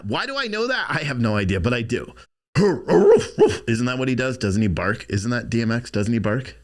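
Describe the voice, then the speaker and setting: Animated, rambling male podcast host. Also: medium pitch. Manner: rambling, swearing, animated with laughs. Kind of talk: casual live-stream commentary.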